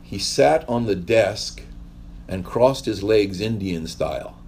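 A man's voice: fairly low pitch, expressive, takes it slowly, darkish tone, slight background noise. A male pastor giving a conversational sermon, telling stories in a rambling way with wry asides.

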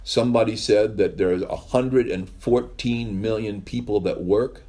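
Husky-voiced man preaching a rambling sermon. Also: lowish voice, moderate pace, mellow. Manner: rambling, storytelling with wry asides. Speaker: pastor. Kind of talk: conversational sermon.

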